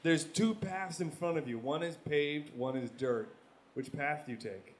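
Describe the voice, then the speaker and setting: A man playfully narrates an improvised adventure to his friends. His voice sits a little high. The talk is loose and comic. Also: a little slow. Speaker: podcast co-host running an improvised scenario. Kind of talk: casual comedic chat.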